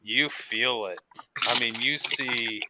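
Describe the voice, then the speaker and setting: A man chatting casually on a panel in an animated way, laughing between remarks. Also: mid-range voice, takes it slowly, heavy background noise. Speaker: panel guest. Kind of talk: casual chat.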